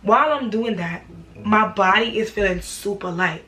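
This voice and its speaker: A young woman, telling a personal story for her vlog in an animated, slangy way. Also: medium pitch, moderate pace, a little hiss or hum. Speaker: vlogger.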